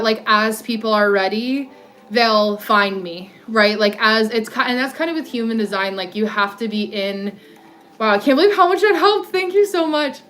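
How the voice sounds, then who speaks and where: A woman's voice: on the high side, pushed and bright. A woman in her thirties with an alto voice, hosting a casual walk-and-talk livestream on her phone, rambling with lots of "like" fillers and replying to viewer comments. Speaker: livestream host.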